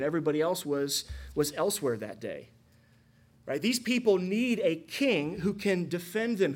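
Husky-voiced man preaching a sermon. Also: on the high side. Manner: energetic preaching with rhetorical questions. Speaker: pastor.

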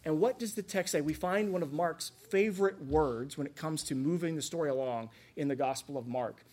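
A man's voice: on the high side, brisk, darkish tone. A man preaching a sermon, earnest and conversational, with asides and rhetorical questions to the congregation. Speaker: pastor.

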